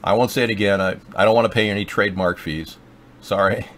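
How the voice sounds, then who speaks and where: A man's voice: on the low side, fairly even intonation, quick pace, a bit bright, slight background noise. A man hosting a political livestream, rambling and joking with sarcasm. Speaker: livestream show host.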